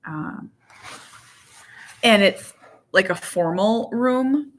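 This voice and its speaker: A woman in her thirties chatting casually to her viewers from her living room, rambling and animated, with lots of "like". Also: medium pitch, drawn-out words. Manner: rambling, heavy use of "like"; candid, animated. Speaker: vlogger, parent.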